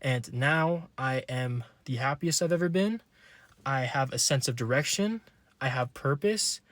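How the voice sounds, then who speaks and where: A man's voice: medium pitch, measured pace, a bit bright, no echo. A young man giving an earnest, personal motivational monologue to camera, repeating himself for emphasis and pressing harder as he goes. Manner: earnest, repetitive, building to urgent emphasis. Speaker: vlogger.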